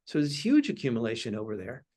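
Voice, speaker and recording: Cautious analytical man, mid-pitched voice. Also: wildly swooping pitch, quick pace, mellow, breathy edge. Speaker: market analyst guest. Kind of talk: interview conversation.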